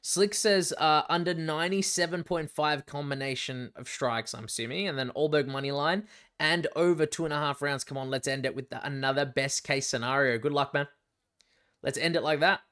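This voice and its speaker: A young Australian man hosting a live fight watch-along, chatty and excitable, swearing freely as he reacts. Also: a little high, normal speed, clean tone. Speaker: livestream fight companion host.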